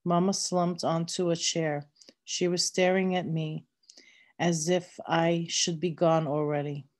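Woman narrator for a read-aloud novel; low, unhurried, mellow delivery. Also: flat delivery. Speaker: reader.

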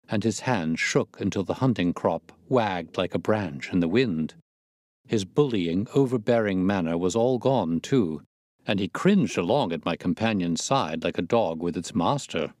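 Storyteller, low steady man, dry close sound. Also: no echo. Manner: measured, steady reading. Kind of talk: audiobook narration.

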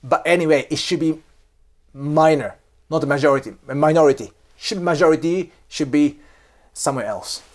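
Japanese guy with a japanese accent explaining stuff to camera, kinda high voice, keeps saying okay?. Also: normal speed. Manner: animated, checks in with frequent "okay?". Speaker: host teaching culture. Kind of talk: explanatory vlog talk to camera.

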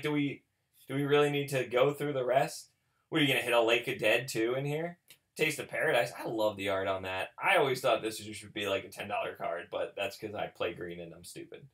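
A man hosting a card pack opening, talking casually and mocking himself, who breaks into excited shouting. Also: medium pitch. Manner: chatty and self-mocking, bursts into excited shouting. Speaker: host opening card packs for viewers.

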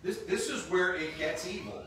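A man's voice: high voice, huge pitch swings, normal speed, fairly bright tone. A man in his fifties preaching a sermon as pastor, emphatic, repeating phrases and slipping in joking asides. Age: 50s. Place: church sanctuary. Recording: echoey hall, distant mic, faint hiss.

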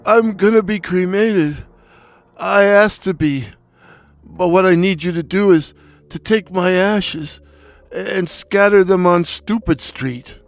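A man voicing a dying, wheezing, resentful old male street tough in a spoken story, pitched above his own narrating voice. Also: slow, no echo. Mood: pleading. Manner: wheezing, wheedling.

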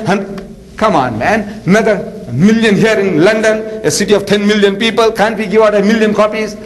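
A man preaching a lecture, animated and jokey, telling stories with acted-out voices. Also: high-pitched, fairly quick, low-quality recording. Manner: animated, jokey, acts out characters. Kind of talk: lecture with dramatic storytelling.

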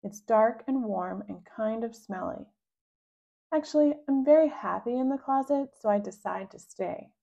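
A woman reading a children's book aloud, voicing the child narrator with sudden high, loud outbursts. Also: expressive, normal speed, vocal fry, lo-fi sound. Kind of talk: read-aloud storytelling.

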